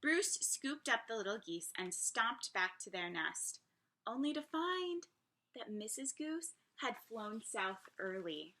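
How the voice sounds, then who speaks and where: A woman teacher reading a picture book to little children, breaking off for friendly, chatty asides. Her voice is bright and lively, sitting a little high for a woman. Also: slow pace. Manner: chatty asides to young listeners. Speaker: preschool teacher. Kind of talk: picture-book read-aloud.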